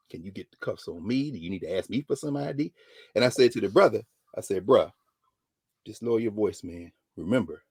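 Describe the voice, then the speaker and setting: A middle-aged man, a professor telling a story dramatically, dropping to a hush and rising to shouts as he quotes people. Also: mid-range voice, husky, no room sound, studio quality. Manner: dramatic retelling, voicing others in quotes, swinging from hushed to shouting. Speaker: professor and regular guest. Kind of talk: animated storytelling lesson.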